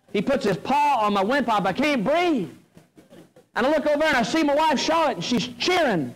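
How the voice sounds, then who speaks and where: A middle-aged man telling a funny story to an audience, folksy and animated, with comic timing. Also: very high-pitched, low-quality recording. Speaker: motivational speaker. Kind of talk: humorous storytelling speech. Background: audience laughter.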